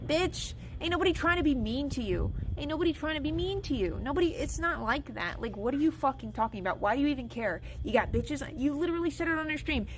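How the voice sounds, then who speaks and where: A woman's voice: fairly high pitch, fast talker, slight background noise, poor audio. A woman streamer in an angry, upset rant, swearing and repeating herself.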